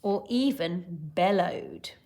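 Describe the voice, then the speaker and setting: A woman teaching young children in a recorded lesson, her pitch leaping up and down as she acts out shouting, whispering and gasping. She keeps an encouraging, patient tone throughout. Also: animated, takes it slowly. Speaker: primary school teacher.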